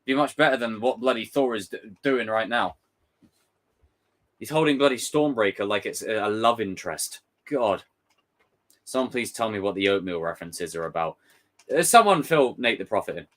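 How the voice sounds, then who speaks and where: A man's voice: fairly low pitch, animated, moderate pace, a bit bright. A young man giving casual, rambling live commentary, joking and swearing freely. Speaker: streamer reacting to a trailer.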